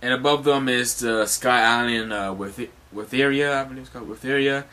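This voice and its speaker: A man's voice: mid-range voice, steady tone, a little fast, bright, forceful tone. A man casually recapping a comic chapter as host, rambling with many fillers and restarts and some swearing.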